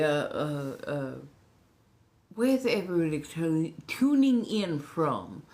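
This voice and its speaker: A woman hosting a relaxed late-night ASMR livestream, chatting softly and playfully and sometimes dropping into a whisper. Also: sits low, slow. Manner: soft-spoken, drifting into whispers.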